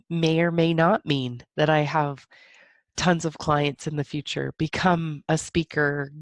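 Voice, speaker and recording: A woman's voice: deep voice, dry recording. A woman hosting a podcast, talking alone in a reflective, emotional way, laughing between thoughts, teary and a little stuffy-nosed. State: stuffy nose. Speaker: podcast host. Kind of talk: reflective solo podcast monologue.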